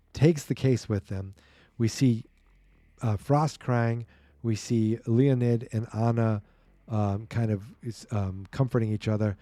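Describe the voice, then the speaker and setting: A male podcast host chats his way through a comic-book recap, stopping to exclaim and react as he turns pages. His voice is low and deeply mellow, recorded close and dry. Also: no echo. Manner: chatty, exclaims and reacts while reading.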